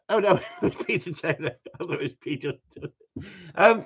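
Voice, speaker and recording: A man chatting live to his viewers, joking and ribbing them with the odd swear word. His pitch swings up and down a lot as he talks. The sound is dull and lo-fi. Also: big pitch swings, moderate pace, creaky, slightly rough. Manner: joking, teasing banter with mild swearing. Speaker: gundog trainer hosting a live stream. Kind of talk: casual live-stream chat reading viewer comments.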